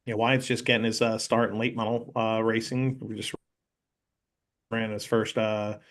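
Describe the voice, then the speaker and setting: A man guest on a podcast, telling animated stories in casual chat and acting out the people he quotes. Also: on the low side, moderate pace. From North Carolina. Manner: animated storyteller, acts out quoted voices, many "you know"s.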